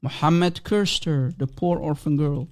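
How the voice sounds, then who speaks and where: A man's voice: fairly high pitch, fairly even intonation, measured pace, darkish tone. A man hosting a livestream, delivering a combative monologue full of mocking, taunting rhetorical questions. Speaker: livestream host.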